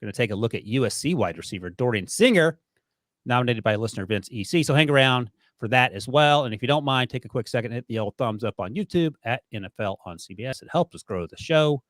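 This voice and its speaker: A man's voice: mid-range voice, lively intonation, quick pace, a bit bright, dry recording. A man hosting a sports podcast in a casual, playfully teasing way. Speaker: podcast host.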